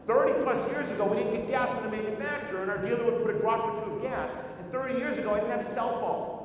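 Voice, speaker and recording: A man giving a keynote talk at a conference, telling a story and firing rhetorical questions at the audience. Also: quick pace. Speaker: conference speaker. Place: large conference hall. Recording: echoey hall recorded from far off, faint rumble.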